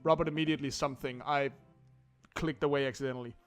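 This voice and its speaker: A man's voice: medium pitch, fairly even intonation, fast, faint music behind. A young man casually narrating a dating game playthrough in a wry, jokey manner. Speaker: gameplay narrator. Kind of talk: let's play narration.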